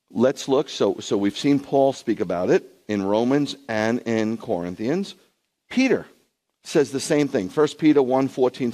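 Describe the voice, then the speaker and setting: A man, a rabbi, preaching a sermon to a streamed congregation, conversational with viewers at home and rising into emphatic bursts. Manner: emphatic preaching, surges high and loud in bursts.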